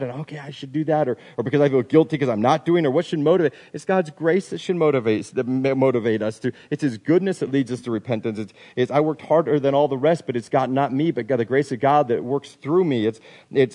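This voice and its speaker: A man's voice: medium pitch, darkish tone. A man preaches with earnest feeling and falls into repeated words as he builds toward each point. His voice sits in a mid register. A long reverb trails behind him, as in a large hall. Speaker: pastor. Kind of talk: sermon.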